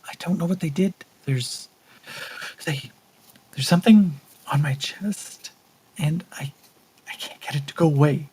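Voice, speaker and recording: A man's voice: on the high side, little pitch movement, a little fast, a little mellow, breathy edge, rough recording. A man voicing a frightened young captive woman who stammers and pleads in panic. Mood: frightened, pleading.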